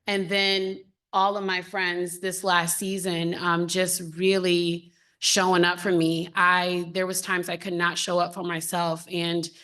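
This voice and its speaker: A woman's voice: lowish voice, level tone, measured pace, few pauses, a bit bright. A woman in her thirties speaking on a panel in an open, heartfelt, conversational way. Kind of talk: candid panel talk. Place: symposium panel.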